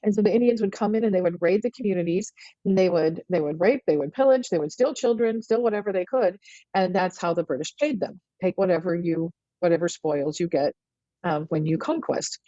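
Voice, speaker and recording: A middle-aged woman telling a story as a podcast guest, earnest and animated, often restarting her sentences. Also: fairly low pitch, fairly quick, dry recording. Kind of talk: storytelling in conversation. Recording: dull, lo-fi and dry.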